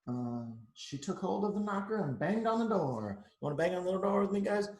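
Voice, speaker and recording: A man's voice: high voice, sing-song, brisk, darkish tone, roomy sound. Chatty man reading a picture book aloud. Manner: chatty, adds asides to the kids. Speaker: teacher reading to children.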